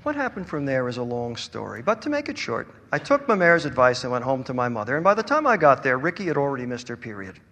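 Male author, live story reading, bright and a bit high, long hall echo. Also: fast, hardly any pauses, dull audio. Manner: wry, expressive storytelling. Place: event hall.

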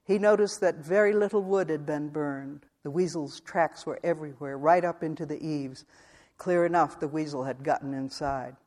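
A man reading a literary western novel aloud as an audiobook narrator, measured and even. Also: a little high.

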